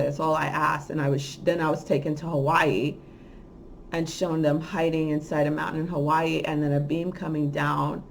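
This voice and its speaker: Rambling woman with a heated, rising voice. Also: a little hiss or hum. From lives in Miami. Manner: starts quiet and low, grows loud and heated, ranting; rambling with frequent restarts and fillers. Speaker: spiritual channel host. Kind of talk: casual monologue.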